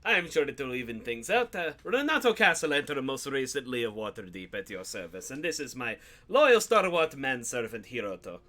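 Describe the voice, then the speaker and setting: A man's voice: medium pitch, big pitch swings, a little fast, hardly any pauses, bright, forceful tone. A man voicing a pompous nobleman adventurer who speaks in a grand, courtly, mildly condescending way.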